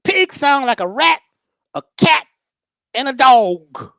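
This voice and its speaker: A woman giving a casual, storytelling lecture, with a lively voice that rises and falls widely. She talks to the listener directly and slips into funny character voices. The sound is dry and close. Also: high-pitched, slow pace, gravelly, no room sound. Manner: conversational, animated, acts out voices.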